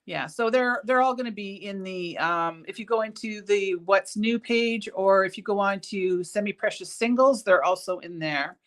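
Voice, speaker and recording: A woman's voice: medium pitch, moderate pace, hardly any pauses. A woman hosting a casual live-stream bead show from her jewelry shop. She talks in a chatty, rambling way, full of ums and restarts, and sounds keen on the beads. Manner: enthusiastic about the beads. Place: jewelry shop studio, indoors.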